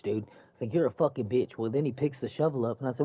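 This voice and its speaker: A man's voice: mid-range voice, fast, few pauses, slight background noise. A man casually retelling a run-in at work, swearing a lot and acting out what each person said. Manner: profane, animated retelling with quoted dialogue. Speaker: construction worker telling a story. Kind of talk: casual storytelling chat. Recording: dull muffled dry recording.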